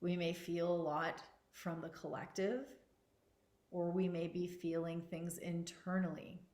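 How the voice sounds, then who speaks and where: Slow, earnest woman spiritual teacher. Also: on the low side, level tone, roomy sound. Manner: slow, soft and earnest, repeating words for emphasis.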